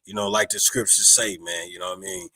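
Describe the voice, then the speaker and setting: Man, podcast co-host, bright forceful tone, emphatic, repeats himself, dry close mic. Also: lowish voice, sing-song, fairly quick, creaky, no room sound. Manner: emphatic, repeats "you understand me". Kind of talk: casual commentary.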